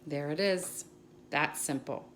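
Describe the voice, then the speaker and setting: A woman's voice: low-pitched, slow pace, fairly bright tone. Chatty woman host in an echoey kitchen. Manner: chatty, wandering off into side stories. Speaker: cooking channel host. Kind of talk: casual cooking demonstration. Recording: echoey room with faint noise.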